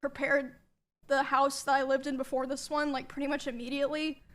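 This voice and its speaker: A woman quietly recounting a personal experience, subdued and hesitant with many pauses and ums. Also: sits high, flat delivery. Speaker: streamer telling a personal story. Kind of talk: soft-spoken personal account.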